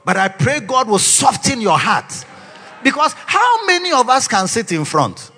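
A man preaching a sermon to a pastors' conference, breaking into shouts and sung phrases. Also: extremely high pitch, very animated, measured pace, husky. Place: conference hall. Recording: long hall reverb, faint music.

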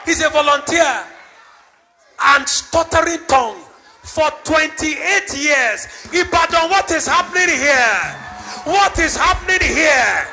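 A man leading a healing service, questioning people and shouting to the crowd to respond. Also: very high voice, expressive, slow pace. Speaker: preacher. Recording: live church service with music.

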